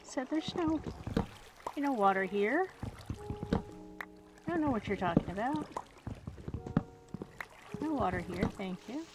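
A woman's voice: a little high, lively intonation, slow pace, long pauses. A woman casually commenting on her own gameplay, chatting to herself and the game and slipping into whispers. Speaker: gaming video host. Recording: loud background music.

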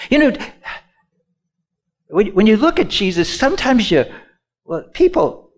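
A male pastor preaching a sermon, swinging from loud emphatic lines to hushed asides and having the congregation repeat words after him. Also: sits high, sing-song, measured pace, pauses often.

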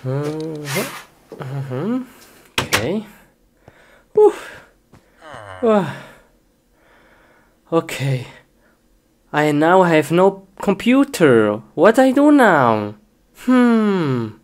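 A woman acting out a comedy skit, excitable, breaking into shrieks and giggles. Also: sits low, extremely slow, long pauses.

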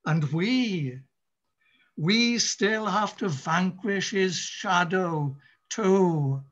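A man preaching a sermon in a church, impassioned, with dramatic pauses and repeated phrases. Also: high voice, fairly bright tone, highs cut off. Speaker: pastor.

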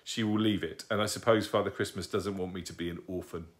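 A man's voice: low voice, steady tone, fast talker, close to an everyday voice. A man reading aloud and voicing a chatty, bossy little girl who explains things eagerly. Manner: eager, explaining, matter-of-fact.

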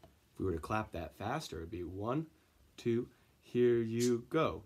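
A man's voice: fairly low pitch, animated, unhurried, a little mellow. A man teaching an elementary music class, counting in and chanting rhythm syllables for the children to clap along.

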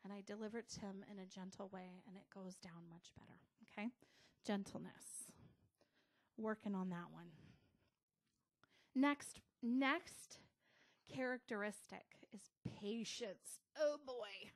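A middle-aged American woman pastor giving a casual, conversational sermon with soft asides. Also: mid-range voice, unhurried.

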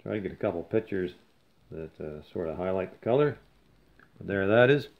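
A man's voice: sits low, expressive, a little fast, creaky. A man vlogging about old bottles in a folksy, rambling way, chuckling and telling jokes. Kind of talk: casual chat with jokes. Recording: slightly dull lo-fi sound.

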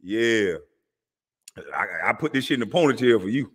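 A man's voice: mid-range voice, animated, moderate pace, husky. A man, ranting to the camera in a taunting, profane way and laughing between lines. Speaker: vlogger. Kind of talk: confrontational rant to camera.

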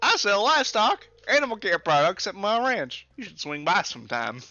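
A man voicing a loud, cheery middle-aged woman rancher in a video game, in a slow, shrill, overdone voice. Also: huge pitch swings, no room sound, exaggerated voice. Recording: dull lo-fi mic.

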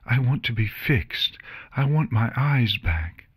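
A man's voice: mid-range voice, animated, takes it slowly, slightly rough, voice pushed up, heavily acted. A man voicing a frightened, grieving young female unicorn who pleads tearfully in an audiobook reading. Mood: despairing.

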